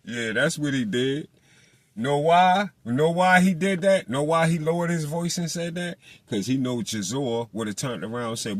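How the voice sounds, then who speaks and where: Profane animated man on a boxing rant. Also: on the high side, moderate pace, no echo. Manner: animated, profane, mocks people in put-on voices. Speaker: boxing commentator. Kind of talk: casual monologue.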